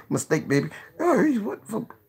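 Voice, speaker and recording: A man hosting a casual live stream, joking, cursing freely, laughing often and giving shout-outs to viewers. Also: high-pitched, gravelly, husky.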